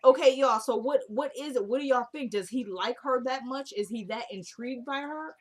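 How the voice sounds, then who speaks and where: A woman's voice: sits high, moderate pace. A young woman, chatting casually as she recaps a TV drama and acts out the characters' lines. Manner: animated retelling, acts out characters' lines with voice shifts. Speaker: TV recap vlogger.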